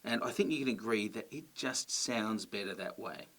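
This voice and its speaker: A man's voice: on the low side, moderate pace, fairly bright tone. Patient man explaining a grammar lesson. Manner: clear, patient explaining with check-ins. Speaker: teacher.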